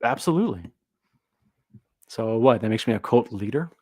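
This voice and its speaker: A man's voice: fairly low pitch, expressive, normal speed, warm tone, dry recording, clean studio sound. A man hosting a livestream, commenting casually in a sarcastic, joking way and now and then putting on mock voices. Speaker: host of a livestream.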